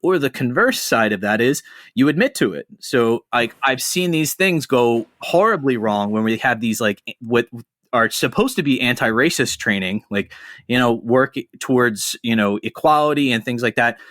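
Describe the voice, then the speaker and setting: A man hosting a podcast, telling stories in a casual, animated, profane way. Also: medium pitch, moderate pace, dry recording, studio quality. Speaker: podcast host. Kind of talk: casual chat.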